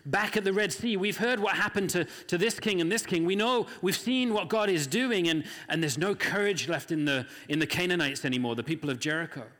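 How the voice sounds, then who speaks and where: A man's voice: high voice, brisk, few pauses, fairly bright tone. A man preaching a sermon in an earnest, conversational way, often acting out the voices of the people he quotes. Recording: long hall reverb.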